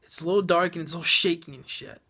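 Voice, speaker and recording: A man's voice: fairly high pitch, quick pace, pushed and bright. A man giving a sarcastic, profane, rambling movie review full of fillers and restarts.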